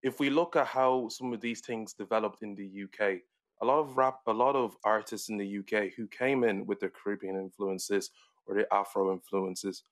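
A man hosting a podcast discussion, speaking in a measured, articulate way. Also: on the low side, fairly even intonation. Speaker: podcast host.

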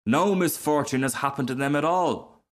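A man voicing a blunt, practical male Roman candle firework in a storybook reading, with a gruff, indignant manner. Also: a little high, normal speed, voice pushed up, close to an everyday voice.

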